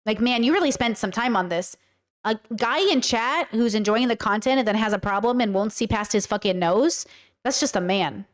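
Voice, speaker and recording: A woman's voice: fairly high pitch, normal speed. A woman talking to her livestream chat in a blunt, emphatic way, swearing casually as she comments. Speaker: streamer and commentator.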